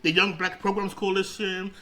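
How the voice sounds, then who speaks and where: A man's voice: sits high, moderate pace, poor audio. A middle-aged man telling stories in a casual interview, rambling and repeating himself as he goes. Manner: rambling, repeats words and restarts, animated storyteller. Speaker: interview guest, radio founder.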